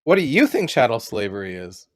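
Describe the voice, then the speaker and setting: A man's voice: medium pitch, very animated, a little fast, dry recording, clean studio sound. Blunt, exasperated male debate host. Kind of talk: heated call-in debate.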